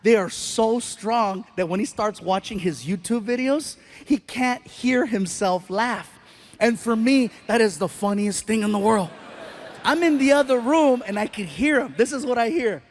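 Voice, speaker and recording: A middle-aged man with a very high voice tells a story in his stand-up set. He is animated and acts out the other people's voices as he goes. Faint background noise sits under him. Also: normal speed. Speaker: stand-up comedian. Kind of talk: stand-up comedy routine.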